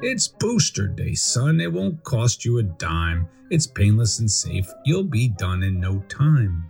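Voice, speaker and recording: A man's voice: lowish voice, sing-song, slow pace, vocal fry, over music, heavily acted. A man voicing a breezy, dismissive doctor in a rhyming storybook.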